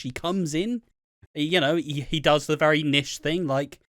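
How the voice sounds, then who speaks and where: A British man co-hosting a podcast, recapping a soap episode in casual, excitable chat, swearing a lot and acting out the characters' lines. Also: on the high side, measured pace, no echo, studio quality. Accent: British English. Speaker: podcast co-host.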